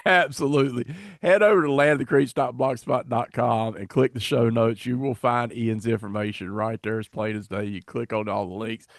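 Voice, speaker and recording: A man's voice: medium pitch, steady tone, moderate pace, dry recording, studio quality. A man hosting a podcast in casual chat, rambling and self-deprecating as he fumbles along. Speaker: podcast host.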